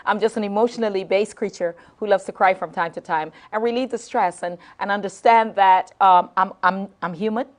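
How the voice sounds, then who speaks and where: A woman's voice: medium pitch, steady tone, a little fast, hardly any pauses. A middle-aged woman hosting a live late-night talk show, heartfelt and emotional, repeating phrases and stumbling over her words as she talks to viewers.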